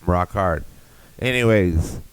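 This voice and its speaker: A man's voice: low voice, slow pace, smooth, no room sound, low-quality recording. A young man hosting a podcast, riffing in a rambling, profane comedic rant. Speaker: podcast host.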